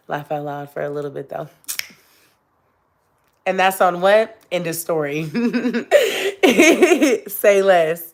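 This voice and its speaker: A young woman chatting casually on a live stream with her viewers, emotional and laughing often as she talks to them directly. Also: low-pitched. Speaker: YouTube vlogger.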